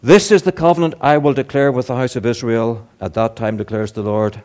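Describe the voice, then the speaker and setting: A man preaching a sermon, earnest and emphatic, asking rhetorical questions and building to louder, higher emphasis. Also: steady tone, brisk, few pauses.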